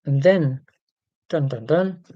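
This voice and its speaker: A man's voice: a little high, takes it slowly, dark tone, no room sound, highs cut off. A man hosting a casual livestream, reading out viewer comments and talking in an earnest, rambling, self-deprecating way with many ums and restarts. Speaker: livestream host.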